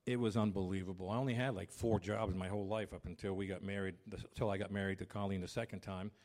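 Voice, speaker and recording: A pastor in his fifties preaches fast in a low voice. He's loud by habit, animatedly acting out quarrels at home as he tells his stories.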